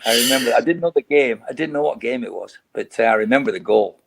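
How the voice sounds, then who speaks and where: A man's voice: mid-range voice, fast talker, gravelly, fairly bright tone. An older man, a retired footballer, chatting as a podcast guest and telling rambling, laughing anecdotes with many restarts. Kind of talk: casual podcast chat.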